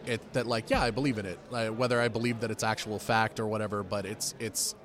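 A man's voice: on the low side, steady tone, fast talker, fairly bright tone. A man guest in a casual chat, easygoing and rambling with lots of fillers. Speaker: guest writer.

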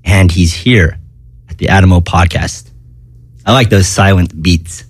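A man hosting a comedic radio-style podcast, hyper and rambling, breaking into high sung jingles. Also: unhurried, husky, dry recording. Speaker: podcast host.

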